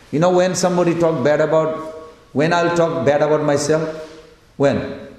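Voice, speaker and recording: A man's voice: a little high, fairly even intonation, moderate pace, darkish tone. A man giving a devotional lecture, telling stories and voicing the people in them. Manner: storytelling, quotes figures in their voices; chants Sanskrit verses. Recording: echoey hall.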